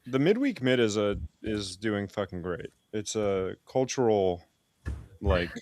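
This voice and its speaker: A man's voice: on the low side, expressive, unhurried, darkish tone, no room sound. A man co-hosting a podcast, speaking bluntly and emphatically in casual chat.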